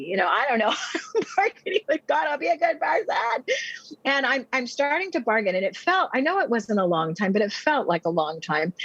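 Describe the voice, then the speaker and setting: A woman's voice: medium pitch, no echo, dull audio. An American woman, a pastor and speaker, telling her personal testimony vividly and acting out her own past words as a podcast guest. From United States.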